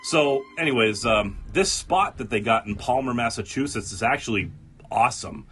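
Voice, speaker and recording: Lively, bright-voiced male podcast host. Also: medium pitch, normal speed, soft background music. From New England. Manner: animated storyteller, acts out quotes, laughs often. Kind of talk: casual podcast chat.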